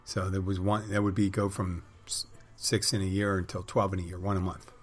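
Low-pitched and a little fast, this middle-aged man keeps a level tone as he hosts his podcast. His casual monologue wanders through crude, wry anecdotes.

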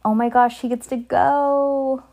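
A woman reading a children's book aloud and then chatting and teasing her child in an animated way for a podcast. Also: sits high, unhurried, creaky. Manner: animated and teasing, laughing often.

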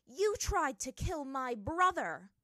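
Brief: woman voicing a furious young princess fighter for an audiobook, pitched well above her own voice, loud. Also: big pitch swings, slow pace, no room sound, studio quality, exaggerated voice. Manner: shouting, furious.

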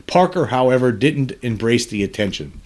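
A man's voice: medium pitch, expressive, moderate pace, a little mellow. A man hosting a podcast, reading news articles aloud and adding earnest, somber commentary between the passages. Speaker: podcast host.

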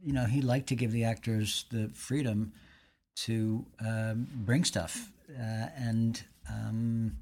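Husky-voiced man, halting speech. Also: on the low side, level tone, darkish tone. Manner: hesitant, many ums and you-knows. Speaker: actor guest. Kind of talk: interview chat.

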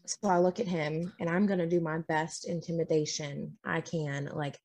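A woman playing a tabletop game with friends, joking and talking quickly. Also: sits low. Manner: animated, jokey, quick. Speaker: player. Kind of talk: casual tabletop game play.

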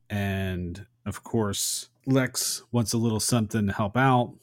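Low-voiced man recapping a film. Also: no room sound, studio quality. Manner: animated recapping, acts out short quotes. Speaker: podcast co-host. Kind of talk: casual film discussion.

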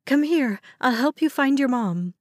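A woman voicing a desperate young woman on a burning plane, hoarse and urgent. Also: high voice, lively intonation, brisk, darkish tone, no echo, studio quality, voice pushed up.

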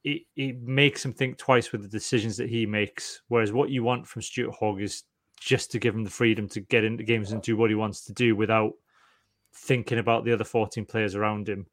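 A man's voice: fairly low pitch, fairly quick, no room sound. Dry-miked man in casual sports chat. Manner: animated storytelling, mimicking people. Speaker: podcast co-host.

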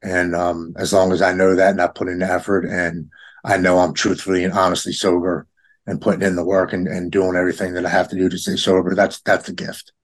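A man's voice: low voice, little pitch movement, fairly quick. A man in his forties telling a heartfelt story in casual conversation, acting out the people he quotes with a raised voice. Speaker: guest in recovery.

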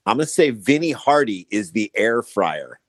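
Male comic podcast co-host, slightly low, close dry mic, quick jokey storyteller. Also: big pitch swings, dry recording. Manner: joking, quick storytelling with asides. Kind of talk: casual comedic banter.

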